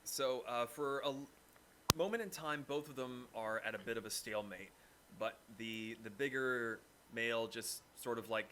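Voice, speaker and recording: A man narrating as game master, animated and acting out the crowd's voices. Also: mid-range voice, moderate pace, slight background noise.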